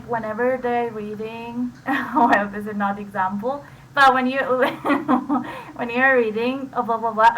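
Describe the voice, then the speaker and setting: Woman, native Spanish speaker, Spanish accent, slightly high voice; casual, rambling host on a voice-chat mic. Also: a little hiss or hum, rough recording. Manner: rambling, with many "like" fillers and restarts. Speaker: reading session host. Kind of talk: casual screen-share explanation.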